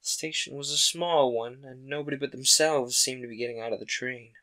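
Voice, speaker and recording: A man host reading a classic children's book aloud in a calm, steady narration. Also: mid-range voice, fairly quick. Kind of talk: audiobook-style narration.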